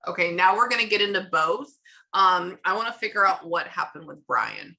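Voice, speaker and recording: A woman working as a psychic medium, chatting casually through a reading and retelling what she hears in quick bursts. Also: lowish voice, animated, creaky, sharp tone, poor audio.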